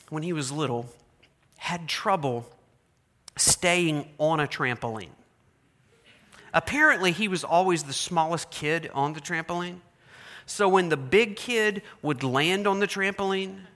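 A man from Oklahoma preaches from the pulpit in a high, bright, forceful voice. He spins animated stories, then turns serious. His words trail off in the long reverb of a large sanctuary. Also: moderate pace. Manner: animated storyteller, builds excitement then drops to earnest. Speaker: pastor. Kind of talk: sermon.

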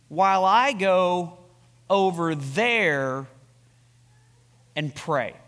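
Male pastor, higher voice, emphatic sermon delivery, long hall reverb. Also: fairly bright tone. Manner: emphatic, slows down to stress scripture words. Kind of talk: sermon with scripture reading.

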